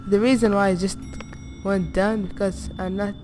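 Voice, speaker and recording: A woman's voice: mid-range voice, little pitch movement, normal speed, music in the background. A woman playing a horror game, talking to herself in jumpy, reactive commentary. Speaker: gaming channel host.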